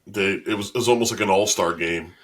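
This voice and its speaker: A man's voice: on the low side, quick pace, a bit bright. A man co-hosting a podcast, chatting casually about sports and cars, hedging with lots of fillers and restarts. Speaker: podcast co-host.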